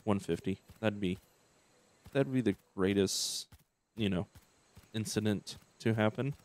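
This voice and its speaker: A man's voice: on the low side, unhurried, darkish tone. A young man giving casual let's-play commentary, thinking aloud and hesitating often. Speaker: gameplay commentator.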